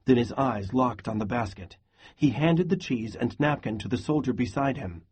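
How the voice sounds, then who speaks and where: A man reading a novel aloud in a steady, even voice for a class lesson. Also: mid-range voice, normal speed, breathy edge. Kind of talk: read-aloud lesson narration.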